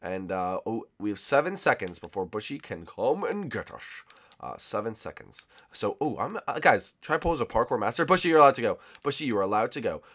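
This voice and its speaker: Narrating a let's play at a fairly quick clip, this young YouTuber is casual and excitable, lurching from shouting to quiet muttering.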